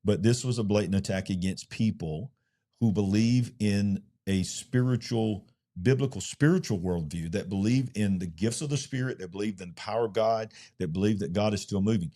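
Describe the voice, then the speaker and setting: A man's voice: lowish voice, expressive, a little fast, mellow. A man co-hosting a Christian ministry show, reviewing a film in casual chat and speaking emphatically, often repeating words as he gets going.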